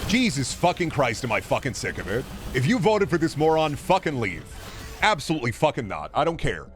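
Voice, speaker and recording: A man's voice: mid-range voice, sing-song, a little fast, over music. A man ranting on a live stream, swearing constantly and sounding fed up and exasperated. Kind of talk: angry live-stream rant.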